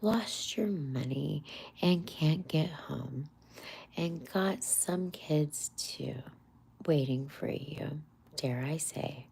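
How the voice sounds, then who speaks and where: A woman voicing a kindly burly male engine driver, speaking softly and reflectively in a near whisper. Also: deep voice, drawn-out words, gravelly, slight background noise, exaggerated voice.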